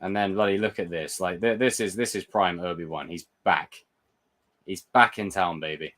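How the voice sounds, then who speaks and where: A young man hosting a live chat, excitable and swearing, answering viewer comments. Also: sits low, normal speed. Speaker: livestream host reviewing a TV episode. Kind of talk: casual live reaction chat.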